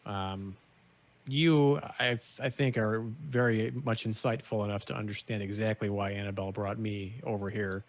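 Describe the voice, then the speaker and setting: Low-voiced man role-playing diplomatically. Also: steady tone, normal speed. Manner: diplomatic, hesitant, with many "um"s. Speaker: player. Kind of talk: in-character role-play.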